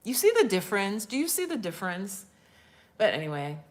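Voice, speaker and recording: A woman's voice: mid-range voice, sing-song, a little fast. A woman in her fifties from Jamaica, with a Jamaican accent, chatting casually on a live stream as a spiritual life coach. She tells stories animatedly, acts out quotes and laughs often.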